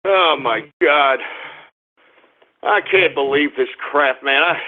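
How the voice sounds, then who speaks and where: A man hosting a call-in radio show, blustering, shouting and taunting his callers. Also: a little high, takes it slowly. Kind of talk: ranting call-in radio talk. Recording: phone-quality lo-fi broadcast audio.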